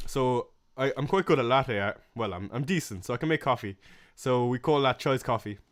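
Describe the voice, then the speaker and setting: A young man from Ireland talks loosely through viewer questions on a live stream. His voice is smooth and clean, pitched in the middle, and he rambles with plenty of ums and uhs. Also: brisk. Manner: relaxed, rambling, filler-heavy. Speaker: livestream host answering chat questions. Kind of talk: casual live Q&A chat.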